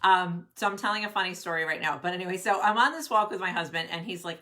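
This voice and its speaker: Bubbly, bright-voiced career coach woman. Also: fairly low pitch, animated, fast talker. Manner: bubbly and chatty, greets viewers by name. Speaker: career coach hosting a live workshop. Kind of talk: casual live-stream talk. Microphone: webcam at desk.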